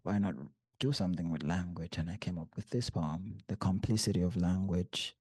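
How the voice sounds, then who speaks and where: A man, a poet giving a bookstore reading and reciting in measured, deliberate short phrases. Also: low voice, fairly even intonation, a little mellow, husky, no echo. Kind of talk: poetry reading with spoken asides.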